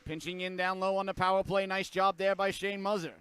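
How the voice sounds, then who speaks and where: A man calling a hockey game play by play, a little hoarse, filling the quiet stretches with rambling jokey asides and rising to loud excitement on shots and goals. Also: high voice, a little fast. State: hoarse throat, clearing it. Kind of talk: live sports commentary.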